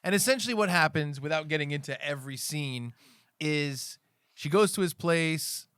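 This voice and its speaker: A man's voice: on the high side, normal speed, a bit bright, smooth, dry recording, studio quality. A man co-hosting a podcast, chatting casually about movies and rambling through scene recaps with quoted lines. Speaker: podcast co-host.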